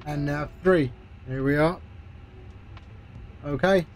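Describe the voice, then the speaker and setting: A man's voice: a little high, takes it slowly, slight background noise. A man streaming a flight simulator, chatting casually as he talks through each step with friendly asides. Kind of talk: live-stream commentary while playing.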